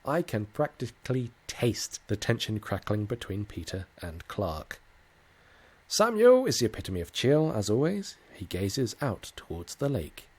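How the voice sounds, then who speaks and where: A man's voice: fairly low pitch, big pitch swings, unhurried, a little mellow, breathy edge. A man reading a visual novel aloud for a storytelling channel, adding playful asides. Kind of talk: casual playthrough narration.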